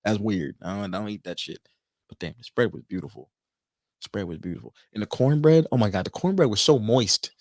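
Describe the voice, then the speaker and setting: A man co-hosting a podcast, telling a food story in a lively, casual way with plenty of swearing. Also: lowish voice, fairly quick, no room sound. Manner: animated storyteller, swears freely. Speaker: podcast co-host. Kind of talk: casual chat.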